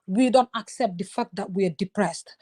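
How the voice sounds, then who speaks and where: A woman in her thirties talking in a casual, animated way, now and then slipping in short Wolof phrases. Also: mid-range voice, normal speed, slightly rough. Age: 30s. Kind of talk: casual conversation.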